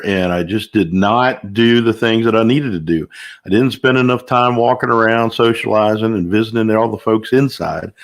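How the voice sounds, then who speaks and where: An older man runs a casual live chat, reading out viewer names one after another. His tone is upbeat and chatty, with sudden whoops of excitement between greetings. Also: mid-range voice. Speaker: livestream host.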